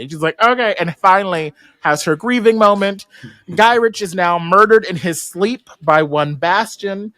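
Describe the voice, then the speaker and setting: A man hosting a podcast, recapping an episode in animated casual chat and slipping into slangy voices as he quotes characters. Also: high voice, normal speed, no room sound, clean studio sound. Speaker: podcast host. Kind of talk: casual recap among friends.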